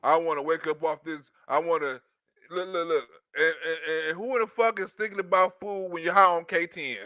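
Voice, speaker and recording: A man's voice: on the high side, fairly even intonation, normal speed, sharp tone, no room sound, studio quality. A man giving a profane comedic reaction rant, telling the story with mock outrage. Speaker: commentator.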